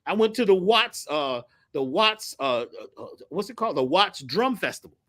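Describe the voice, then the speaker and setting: A man's voice: high voice, sing-song, normal speed, fairly bright tone. A man telling stories animatedly as an interview guest, acting out the voices in his stories and dropping slang as he goes. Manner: acts out quoted voices with slang. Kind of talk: animated storytelling.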